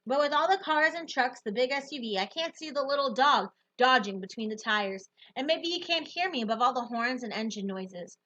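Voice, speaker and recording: A woman reading a novel aloud in the first person, with expressive, lively storytelling. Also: sits high, normal speed, hardly any pauses, lo-fi sound. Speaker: audiobook narrator.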